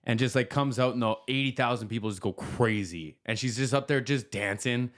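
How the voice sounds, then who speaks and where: A man's voice: mid-range voice, brisk. A man hosting a podcast live stream, talking casually, full of fillers and easy laughs. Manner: chatty, laughs easily, many fillers. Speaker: podcast host.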